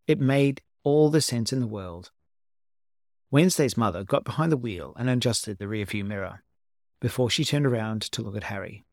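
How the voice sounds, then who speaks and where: A man narrating a story as an amateur audiobook reading, at a steady, unhurried storytelling pace. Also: medium pitch, no echo, studio quality.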